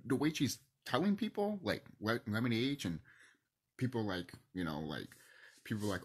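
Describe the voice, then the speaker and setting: A man ranting in a passionate monologue to camera, swinging between loud outbursts and hushed near-whispers, emotional and swearing. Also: mid-range voice, big pitch swings, normal speed, slightly rough. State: emotional, teary. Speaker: video host.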